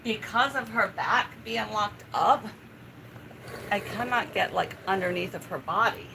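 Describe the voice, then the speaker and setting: A woman's voice: medium pitch, unhurried, gravelly, pushed and bright, a little hiss or hum, rough recording. A woman hosting a live stream, talking casually while she grooms her dog, with a coaxing, soothing baby-talk manner. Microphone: home live-stream setup.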